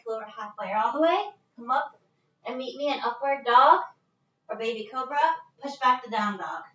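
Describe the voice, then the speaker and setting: A woman's voice: sits high, a bit bright, roomy sound, recorded from a distance, dull audio. A woman leading a live-streamed yoga class from her living room, casual and chatty, a little out of breath. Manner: casual, chatty, breaks into laughs. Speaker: yoga instructor. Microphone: phone set at a distance.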